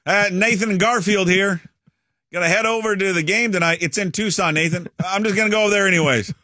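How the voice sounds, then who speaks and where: A man voicing a brash, carefree small-town caller who talks in a breezy, quick way. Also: high voice, sharp tone, dry recording, clean studio sound, pitched above the performer's own voice.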